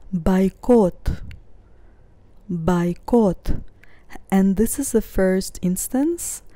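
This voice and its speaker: A woman with Russian as her first language, teaching a pronunciation lesson and saying each word twice, slowly and deliberately. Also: medium pitch, dark tone, no room sound. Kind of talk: slow, careful pronunciation lesson.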